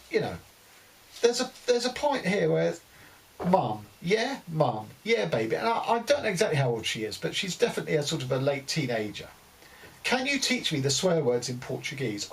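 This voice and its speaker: A man's voice: mid-range voice, creaky. A man giving a casual spoken book review, rambling with many fillers and restarts and giving blunt opinions. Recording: distant mic with faint hiss.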